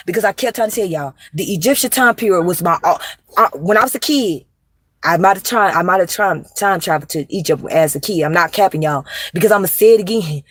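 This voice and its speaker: A woman's voice: mid-range voice, no echo. A young woman chatting on a livestream, rambling and emphatic, with plenty of slang and swearing, confiding straight to her viewers. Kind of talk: casual livestream chat.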